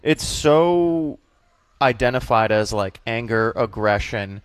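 A man from the Boston area with a faint Boston accent, a comedian guest talking in a casual, animated, jokey way. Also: mid-range voice, slow, smooth, dry recording. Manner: animated, jokey, slips into character voices. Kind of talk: casual interview chat.

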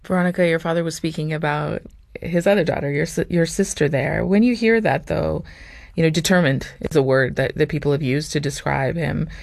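A woman hosting a radio interview, asking gentle, conversational questions. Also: deep voice, brisk, creaky, no room sound, clean studio sound. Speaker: radio host.

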